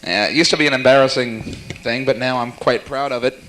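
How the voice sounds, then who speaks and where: A young man doing stand-up comedy at a small cafe, teasing the audience in a rapid, jokey way. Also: mid-range voice, a bit bright. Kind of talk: stand-up comedy with crowd work.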